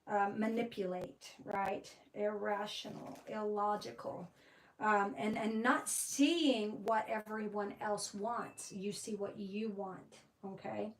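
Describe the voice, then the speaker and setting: A woman's voice: medium pitch, fairly even intonation, takes it slowly, far from the mic, low-quality recording. A woman giving a tarot reading, rambling with many fillers and restarts. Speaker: tarot reader.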